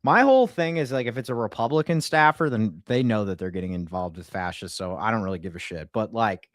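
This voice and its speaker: A man streaming live and chatting with his viewers, talking in an excitable, gleeful, profane way. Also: lowish voice, brisk, dry recording, clean studio sound. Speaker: streamer and prank caller. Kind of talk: casual live-stream chat.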